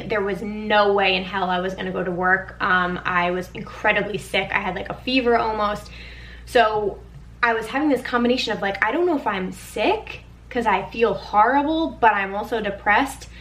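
A woman's voice: mid-range voice, sharp tone, poor audio. A young woman hosting a podcast, telling a candid personal story in a chatty, casual way, with lots of "like" and frequent swearing. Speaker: podcast host.

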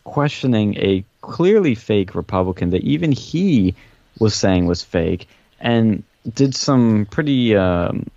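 A man's voice: fairly low pitch, lively intonation, slow pace, mellow, no echo. A man retelling a story in casual podcast chat, rambling and profane, with dull, dry lo-fi audio. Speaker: guest telling a story.

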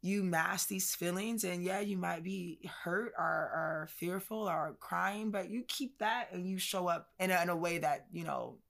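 Gravelly low-voiced woman podcast co-host. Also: unhurried, few pauses, fairly bright tone. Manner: reflective, conversational, uses slang and many fillers. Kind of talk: casual personal storytelling.

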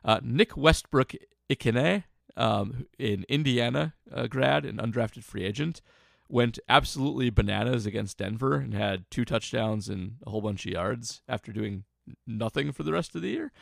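Male co-host, very gravelly voice, dry sound, analytical and stat-minded. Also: medium pitch, normal speed, no room sound. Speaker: podcast co-host. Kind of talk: casual sports podcast chat.

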